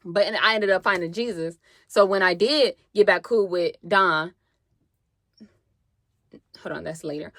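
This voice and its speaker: A young woman telling a story on her vlog, animated and slangy with plenty of swearing, acting out what people said. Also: fairly low pitch, measured pace, pauses often, no room sound. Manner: animated, slangy and profane, acts out quotes. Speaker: vlogger.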